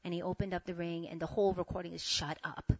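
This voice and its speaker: A young woman telling a personal story to her audience, animated, laughing and acting out both sides of the conversation. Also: on the low side, rapid-fire, no room sound. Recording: dull lo-fi sound.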